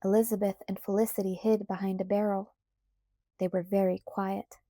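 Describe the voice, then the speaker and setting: A woman reads a children's audiobook aloud in a calm, steady storytelling voice at medium pitch and a moderate pace. The scripted narration is a dry, clean studio recording.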